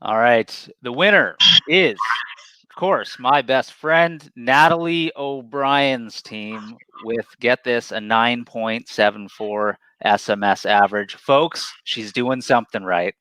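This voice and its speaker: A man's voice: medium pitch, takes it slowly, sharp tone, clear, resonant tone. A man co-hosting a casual virtual award show over a video call, playful and teasing as he announces winners. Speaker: awards co-host.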